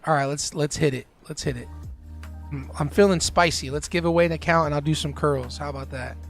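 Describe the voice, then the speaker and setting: A man's voice: fairly high pitch, brisk, vocal fry, faint music behind. A man hosting a casual live trading stream. He chats loosely with viewers and uses lots of fillers. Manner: relaxed, filler-heavy, chatting with viewers while trading.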